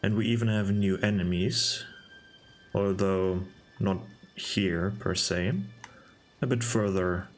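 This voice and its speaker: A young man giving casual gameplay commentary, musing aloud in a relaxed way with hesitant restarts. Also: sits low, slow, soft background music. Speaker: game video narrator.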